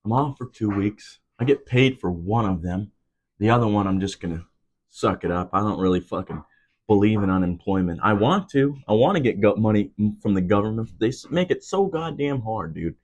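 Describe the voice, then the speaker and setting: A man's voice: animated, a little fast, a little mellow. Profane young man ranting solo. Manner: profane, heated ranting with sudden jumps up in pitch. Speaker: podcast host. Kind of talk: casual solo rant.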